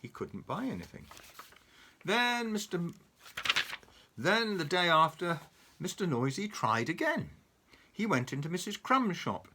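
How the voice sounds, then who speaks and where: Animated man reading a picture book aloud. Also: high-pitched, a little slow, pauses often, a little hiss or hum. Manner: animated, chuckling, pointing at pictures. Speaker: storyteller reading to a child.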